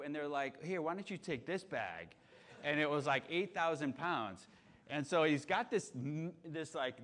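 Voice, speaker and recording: A man preaching to his church, telling a personal story in a chatty, animated way with lots of fillers and restarts. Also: mid-range voice. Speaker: pastor. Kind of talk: storytelling sermon.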